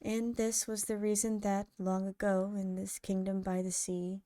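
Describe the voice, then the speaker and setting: A woman narrating poems in a soft, hushed ASMR reading style, drawing out each line slowly. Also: medium pitch, little pitch movement, dry recording, clean studio sound. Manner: slow, hushed, drawn-out delivery.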